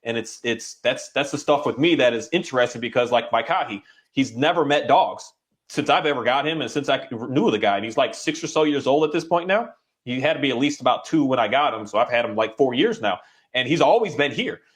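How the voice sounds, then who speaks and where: A man who works as a dog trainer, talking in a casual, rambling and halting way, now and then voicing his dog's thoughts. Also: medium pitch, animated. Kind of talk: casual conversation.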